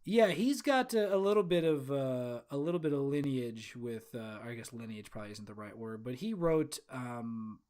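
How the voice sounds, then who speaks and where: A man's voice: medium pitch, expressive, normal speed, few pauses, a little mellow. Rambling man on a movie podcast. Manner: rambling, many fillers and restarts. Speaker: podcast co-host. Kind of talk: casual podcast chat.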